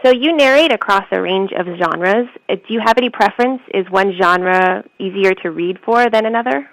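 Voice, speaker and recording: A woman's voice: mid-range voice, moderate pace, no room sound, rough recording. A woman author co-hosting an interview, reading friendly prepared questions to a guest.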